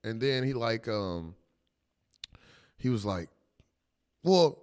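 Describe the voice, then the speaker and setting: A man's voice: lowish voice, slow, clear, resonant tone. A young man, a teacher, chatting casually on a podcast, telling loose stories, acting out quotes and laughing often. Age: young adult. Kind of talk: casual chat.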